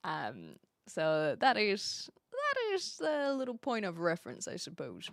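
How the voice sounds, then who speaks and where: A young woman from New Zealand with a New Zealand accent, chatting casually on a live stream, reading out chat and filling pauses with ums and quick laughs. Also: mid-range voice, huge pitch swings, creaky, fairly bright tone, dry recording. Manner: chatty, reads chat aloud, frequent fillers and quick laughs.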